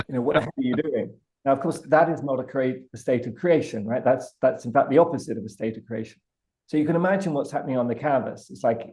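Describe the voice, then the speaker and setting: A British man with a mellow, warm tone tells a lively anecdote as a podcast guest. He builds the story step by step, often restarting his phrases as he goes. His voice keeps a relaxed, unhurried warmth. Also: mid-range voice. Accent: British English. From Britain. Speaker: guest artist. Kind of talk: animated storytelling.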